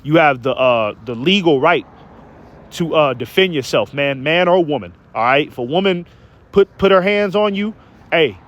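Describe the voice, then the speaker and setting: Male online preacher, slightly high pitch, emphatic and repetitive, stumbles on words while reading verses. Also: lively intonation, normal speed, a bit bright, dull audio. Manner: emphatic, keeps asking "okay?" and "man". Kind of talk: preaching rant with scripture reading.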